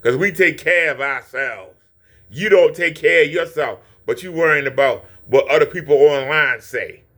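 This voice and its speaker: Guy ranting and cussing out somebody, taunting, kinda high voice. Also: normal speed, bright, forceful tone. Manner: taunting, insulting, preachy. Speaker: channel host reacting to a clip. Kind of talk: profane reaction rant.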